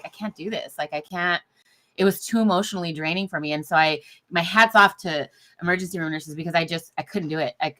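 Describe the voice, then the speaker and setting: A woman guest speaking on a video call, telling a personal story in a lively, chatty way with lots of fillers and acted-out quotes. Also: lowish voice. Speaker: guest nurse executive.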